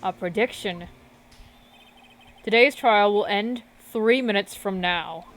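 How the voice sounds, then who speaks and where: A woman voicing an arrogant older male prosecutor who speaks loudly, curtly and with command. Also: medium pitch, slow, soft background music, lightly acted. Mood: haughty. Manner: loud, curt, commanding.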